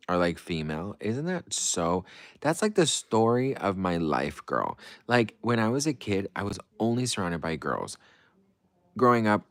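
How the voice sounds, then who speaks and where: This livestream host has a low, somewhat bright voice, recorded with no echo. He goes through viewer comments and replies theatrically, alternating between light and breezy and over-the-top gushing.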